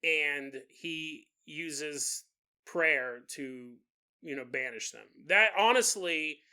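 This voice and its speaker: A man with a bright, forceful voice hosts a paranormal podcast. He retells a ghost story casually and makes jokes along the way, putting on voices for the people in it. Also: a little high, drawn-out words, clean tone. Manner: animated, jokey, mimics people in quotes. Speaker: podcast host.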